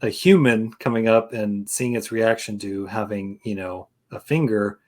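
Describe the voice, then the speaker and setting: A man's voice: on the low side, steady tone, moderate pace, darkish tone. Laid-back rambling male podcast host. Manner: rambling, hesitant, with fillers and trailing sentences. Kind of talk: casual chat.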